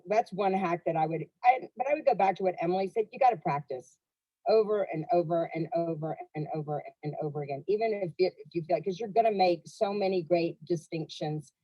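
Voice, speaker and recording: Warm low-voiced woman giving tips. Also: fairly quick, dry recording, rough recording. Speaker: panel guest. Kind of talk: casual advice on a panel.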